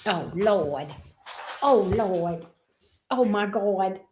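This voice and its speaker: A woman's voice: a little high, lively intonation, a little slow, a bit bright, a little hiss or hum. A woman tarot reader, chatting casually and playfully on her livestream with frequent fond asides. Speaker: tarot reader and channel host.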